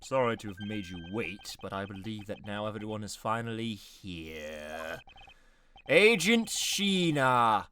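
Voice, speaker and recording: Man reading as a composed, lively-voiced prosecutor. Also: on the low side, a little slow, a little hiss or hum, voice pushed down. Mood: calm. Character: composed, formal male prosecutor.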